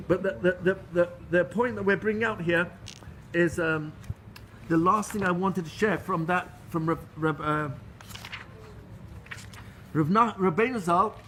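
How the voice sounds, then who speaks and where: A middle-aged rabbi giving a Torah lecture, telling stories in an earnest, animated way with frequent restarts. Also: male voice, high voice, slight background noise. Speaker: rabbi teaching a class.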